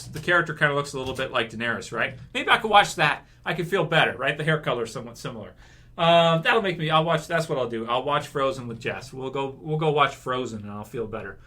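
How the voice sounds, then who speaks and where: A man ranting in a vlog, repeating his points and firing off rhetorical questions. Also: mid-range voice. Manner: animated, repetitive, rhetorical questions. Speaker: vlogger.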